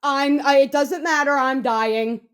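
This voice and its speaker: A woman's voice: sits high, fairly even intonation, a little slow. A woman mocking a whiny self-styled victim. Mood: mock whining. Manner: mocking, whining, melodramatic.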